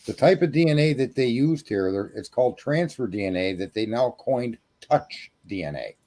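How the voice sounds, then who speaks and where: A man with a warm, mellow voice argues hard as a guest on a casual true crime stream. He lectures with emphasis and pushes his point again and again. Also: medium pitch, animated, moderate pace. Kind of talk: casual live-stream discussion.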